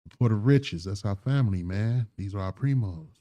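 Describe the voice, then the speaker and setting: A man's voice: fairly low pitch, fairly quick, dark tone. A man hosting a commentary channel, talking bluntly and with heated profanity. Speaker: channel host. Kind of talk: casual commentary.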